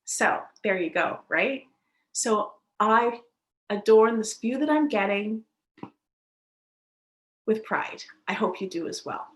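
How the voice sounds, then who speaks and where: A woman's voice: mid-range voice, slow pace, long pauses. Cheerful woman guiding chair yoga, echoey room. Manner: gentle, cheerful, laughs often. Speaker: yoga instructor. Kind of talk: guided chair yoga class.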